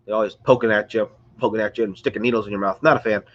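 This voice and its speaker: A man's voice: on the low side, steady tone, rapid-fire, lo-fi sound. Congested man chatting on a livestream. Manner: rambling, chatty, greets viewers. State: congested, under the weather. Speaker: livestream host. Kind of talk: casual live-stream chat. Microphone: close to a screen or phone.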